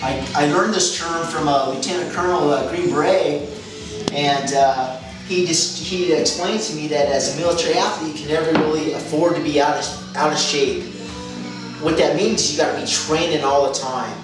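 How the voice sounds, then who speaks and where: A man's voice: a little high, normal speed. A man coaching, explaining a training method in a methodical way, repeating key phrases and correcting himself as he goes. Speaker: fitness coach. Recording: echoey room, mic at a distance, music behind.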